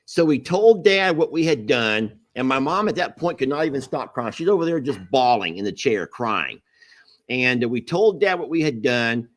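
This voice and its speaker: A man's voice: mid-range voice, sing-song, normal speed. A man casually telling a family story to his live viewers, acting out quotes and apologizing with a laugh.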